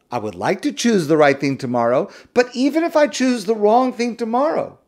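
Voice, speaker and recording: A man's voice: on the high side, darkish tone. A man, a rabbi, giving a weekly Torah talk, stressing key words by repeating them.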